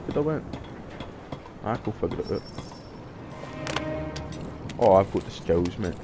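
A young man giving live gameplay commentary, excitable and profane, yelling and cheering at the game. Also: low-pitched, a little slow. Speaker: gamer. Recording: voice over loud game music.

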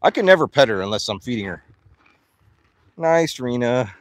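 A man vlogging outdoors while feeding his farm animals, excitable and out of breath, laughing and talking to the animals as he goes. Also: medium pitch, moderate pace, long pauses, no echo.

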